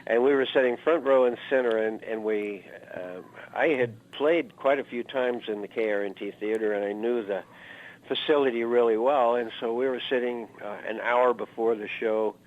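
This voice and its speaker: A man's voice: mid-range voice, normal speed. Older man reminiscing over a phone line. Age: 70s. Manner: rambling, anecdotal, lots of "uh" fillers. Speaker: guest musician. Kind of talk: reminiscing interview storytelling. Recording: narrow phone-like interview audio.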